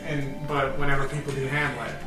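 A man's voice: mid-range voice, little pitch movement. A young man co-hosting a podcast in casual chat. He jokes, swears freely and laughs often. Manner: joking, swearing, quick laughs. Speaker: podcast co-host. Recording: echoey room with music behind.

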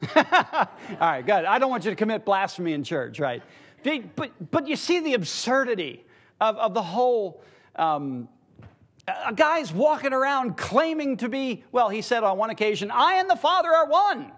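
Casting note: bright, high-voiced male Bible teacher, playful and chuckling, calls on the room for answers. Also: sing-song, normal speed. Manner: teasing, chuckling, quizzes the audience. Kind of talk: interactive church Bible class. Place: church.

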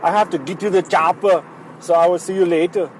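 A caller's over-the-top action-hero impression, with a thick put-on Austrian accent and clipped, repetitive lines, as a man puts him on. The voice is pushed up high, and there is a faint hum of street sound behind it. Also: steady tone, brisk, lightly acted, rough recording. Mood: boastful.

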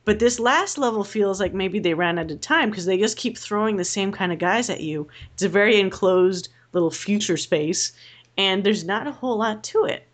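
A young woman chatting casually as a podcast co-host, rambling and animated and swearing freely. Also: medium pitch, normal speed. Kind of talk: casual chat.

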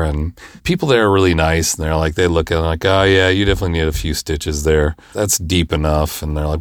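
Low-voiced man telling a story animatedly. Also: no room sound, clean studio sound. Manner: animated, acts out quoted voices with big pitch jumps; self-deprecating, laughs through the story. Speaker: podcast host and filmmaker. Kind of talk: casual anecdotal storytelling.

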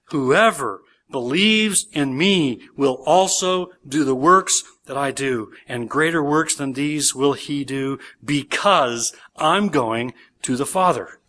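A man's voice: mid-range voice, lively intonation, takes it slowly, hardly any pauses, sharp tone. A man, a pastor, preaching a sermon in church, reading scripture aloud with emphasis and explaining it verse by verse.

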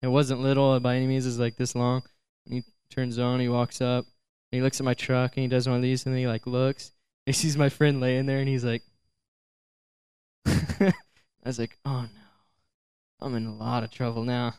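A young man telling a funny personal story to a young audience, talking in a chatty, animated way, laughing often and filling in with "you know" and "like". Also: medium pitch, normal speed, pauses often, smooth. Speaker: youth speaker.

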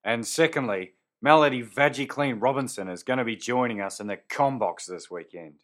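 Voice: medium pitch, brisk, a bit bright, close to an everyday voice. A performer doing a grumpy, blunt male rugby commentator. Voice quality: curt, blunt, swears.

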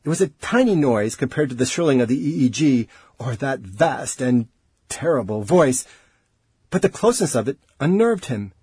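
A man reads an audiobook with expressive, dramatic delivery. His voice is husky and breathy, with a lively, wide-ranging pitch. The recording is dry and close. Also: normal speed, no room sound. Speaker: narrator. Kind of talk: audiobook narration.

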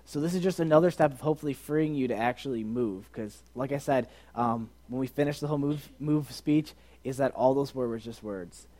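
A man with a mellow, mid-range voice hosts a podcast before a live group, speaking briskly with few pauses. He jokes, coaxes people to join in, and repeats himself in casual chat.

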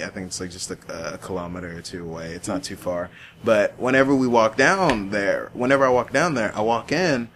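A man, chatting casually with a friend and telling animated stories full of restarts and casual swearing. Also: fairly low pitch, a little hiss or hum. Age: 20s. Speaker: podcast host.

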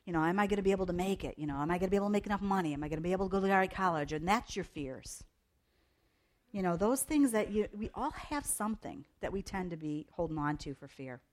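A woman's voice: on the low side, animated, quick pace. Chatty middle-aged woman giving a devotional. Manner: chatty, rambling personal storytelling. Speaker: youth devotional speaker. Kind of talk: casual devotional talk.

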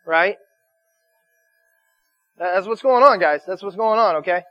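A man's voice: high-pitched, normal speed, pauses often, a bit bright, dry recording, muffled recording. A man preaching a sermon in a loose, conversational way, often restarting his words and checking in with his listeners. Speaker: pastor.

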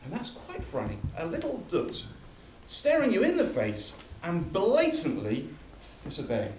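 Man, preacher, sermon, emphatic, lively intonation, distant mic, reverberant hall. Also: fairly high pitch, a little slow, slight background noise. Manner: emphatic, builds through repeated phrases. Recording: echoey hall from far off.

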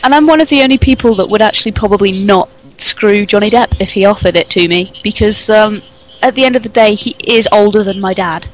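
A woman at a mid-range pitch co-hosts a relaxed podcast chat. She teases, giggles readily, and tells jokes in a chatty, easygoing way. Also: a little fast, rough recording. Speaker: podcast co-host. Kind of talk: casual chat telling jokes.

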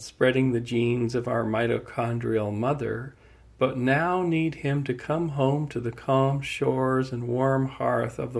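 Gravelly, husky older man. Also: medium pitch, darkish tone. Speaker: podcast host. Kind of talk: reflective salon talk and closing narration.

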